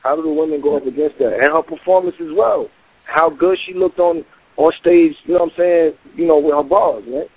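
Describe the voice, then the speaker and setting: A man's voice: a little high, brisk, darkish tone, husky, poor audio. A man talking animatedly in a casual panel chat, sprinkling in "man" and "yo.". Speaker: battle rap commentator.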